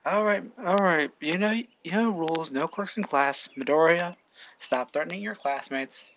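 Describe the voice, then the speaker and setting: A woman's voice: lowish voice, normal speed, a bit bright. A woman doing a tired scolding teacher. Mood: stern. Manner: stern, scolding. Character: weary adult male schoolteacher. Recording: lo-fi, faint hiss.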